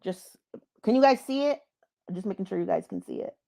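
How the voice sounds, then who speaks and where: A woman's voice: mid-range voice, lively intonation, fairly quick, vocal fry, dark tone. A woman vlogger giving blunt, profane commentary and talking straight to her viewers. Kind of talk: casual drama commentary.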